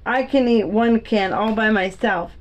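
A woman's voice: fairly high pitch, a little slow, muffled recording, close to an everyday voice. A woman reading a children's book aloud, voicing an eager, cheeky young boy in a slightly raised voice.

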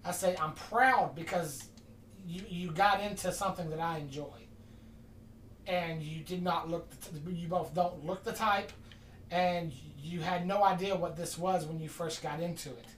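A podcast host telling a long story in casual chat, rambling and animated, acting out the quoted dialogue. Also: medium pitch, measured pace, a little hiss or hum. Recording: distant mic in an echoey room.

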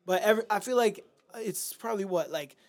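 A musician guest from Miami chats on a casual podcast in a laid-back, profane way, rambling with plenty of fillers. He has a higher voice and talks fairly quickly.

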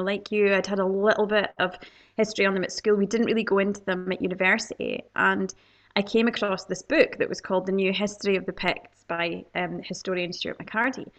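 A Scottish woman speaking as a podcast guest, enthusiastic and rambling, with plenty of fillers. Her middle-pitched voice has a gravelly, fry-tinged texture. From Scotland. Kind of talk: podcast interview.

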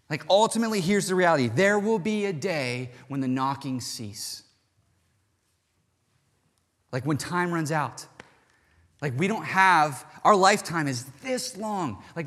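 Impassioned preacher man in a reverberant hall. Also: on the high side. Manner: impassioned, swings from loud urgent to soft intimate. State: stuffy nose. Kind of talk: sermon.

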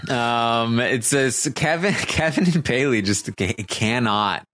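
A man's voice: medium pitch, takes it slowly, fairly bright tone. A man hosting a casual recap show, hesitant and full of fillers and restarts. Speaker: podcast host.

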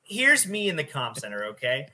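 A man's voice: a little high, normal speed. A man who used to be a dispatcher, talking in casual chat and telling stories eagerly, jumping into the conversation. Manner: lively storytelling, jumps in eagerly. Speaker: former dispatcher co-host.

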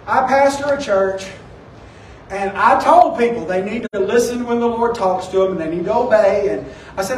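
A pastor with a strikingly high voice preaches in a loose, storytelling way. He sounds a little distant from the mic, and his voice rings in a roomy, echoing sanctuary over faint background noise. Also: fairly quick. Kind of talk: sermon. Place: church sanctuary. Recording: echoey room, distant from the mic.

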